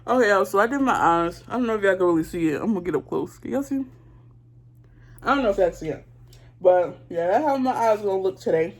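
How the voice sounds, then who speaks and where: A woman's voice: medium pitch, lively intonation, fast talker. A woman vlogger telling a story while doing her makeup, talking straight to her viewers in a blunt, profane, indignant way. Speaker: beauty vlogger.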